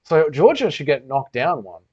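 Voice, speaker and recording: A man's voice: fairly high pitch, wildly swooping pitch, normal speed, breathy edge. A young man hosting a casual livestream Q&A, reading chat aloud and bantering crudely with heavy swearing. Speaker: livestream host. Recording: dull lo-fi stream audio.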